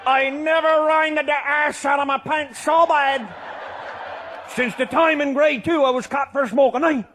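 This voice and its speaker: High-voiced, rowdy man with a Newfoundland accent. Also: fairly even intonation, measured pace, slight background noise. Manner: boisterous, often shouting and laughing mid-sentence. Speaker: comic storyteller. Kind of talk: comic tall-tale storytelling.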